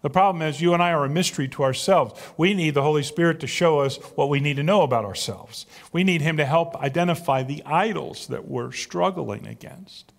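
A male pastor preaching a sermon with drama, dropping to a hush and then building loud. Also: fairly high pitch, a little fast, vocal fry, few pauses. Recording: long reverb of a large hall.

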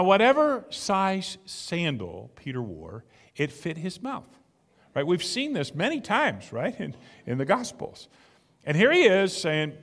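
A man's voice: fairly high pitch, big pitch swings, measured pace, a bit bright, in a large hall. A man preaching a sermon in an emphatic, conversational way, asking his listeners rhetorical questions. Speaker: pastor.

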